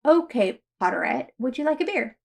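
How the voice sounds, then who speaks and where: A woman's voice: high voice, very animated, normal speed, vocal fry, exaggerated voice. A woman voicing a wry young adult man in a read-aloud story, in a lightly voiced reading manner.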